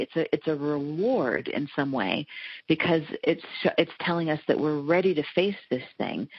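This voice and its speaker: A woman dream therapist speaking as an interview guest, telling earnest, animated stories with frequent "like" fillers, on slightly muffled remote audio. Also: low-pitched, husky. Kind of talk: conversational interview, storytelling.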